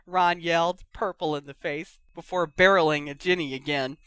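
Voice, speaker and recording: Bright, crisp fan fiction reader. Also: mid-range voice, moderate pace, no room sound. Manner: lively, voices the characters. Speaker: audiobook reader. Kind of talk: fan fiction read aloud.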